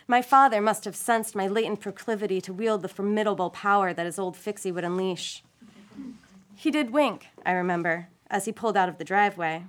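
A woman reading a first-person short story aloud, with an expressive, playful delivery and wry asides. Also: medium pitch, fairly quick. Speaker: story reader.

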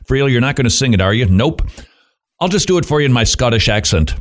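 A man's voice: mid-range voice, expressive, fast talker. A middle-aged man hosting Christian radio, giving a devotional talk with joking asides to himself.

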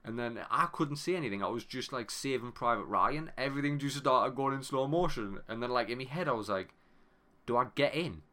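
A man in his thirties co-hosts a podcast and tells a story in casual chat, animated and swearing, often cutting himself off mid-phrase. His voice sits at a medium pitch, and he talks briskly with few pauses.

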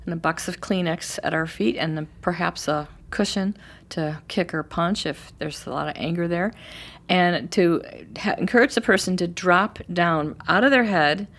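A middle-aged woman coach explaining her method as an interview guest, acting out emotional phrases with lively energy. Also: fairly low pitch, moderate pace. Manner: animated, acts out emotional phrases. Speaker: forgiveness coach.

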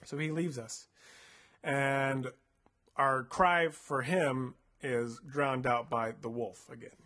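A man's voice: mid-range voice, fairly even intonation, slow, bright, forceful tone. A man casually narrating a choose-your-own-adventure story with a co-host, laid-back and playful, full of filler words. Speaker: co-host reading a gamebook.

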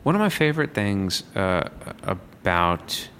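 A man's voice: deep voice, very animated, unhurried, fairly bright tone, slight background noise. A man in casual conversation about acting exercises and improv, speaking reflectively and fluently. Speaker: improv performer.

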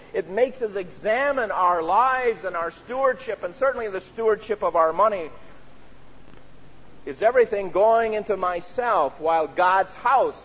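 A man's voice: high voice, fairly bright tone, breathy edge. A man preaching a sermon as a pastor, speaking earnestly and often adding "you see" as he makes his points. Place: church sanctuary. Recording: reverberant church sanctuary.

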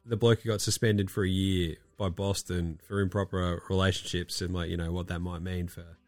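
Sweary sick podcast host. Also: male voice, deep voice, little pitch movement, normal speed, dry recording. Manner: sweary, ranting, sarcastic. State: sick, coughing. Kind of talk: casual sports chat.

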